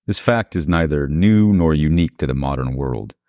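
A man's voice: a bass voice, lively intonation, moderate pace, darkish tone, dry recording, studio quality. A man hosting an interview, first reading an earnest, reflective introduction, then asking questions. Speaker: interviewer and host.

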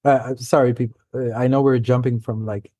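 Mellow-voiced man telling stories. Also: mid-range voice, level tone, breathy edge, no room sound. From New York City. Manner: halting, loose storytelling. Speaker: guest author. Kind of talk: casual conversation.

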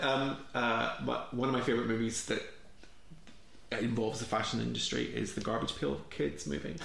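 A man's voice: medium pitch, creaky, a bit bright. An Irish man, a comedian guest, chatting about films with dry, self-mocking humour. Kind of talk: casual comedic chat. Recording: echoey room with faint ambience.

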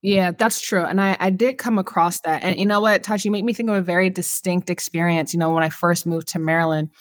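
A woman from California hosts a casual podcast in a lowish voice. She talks reflectively, leaning on "you know," and speaks straight to her listeners. The sound is dry and close. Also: steady tone, fairly quick, dry recording. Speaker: podcast host. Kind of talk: casual conversation on mental health.

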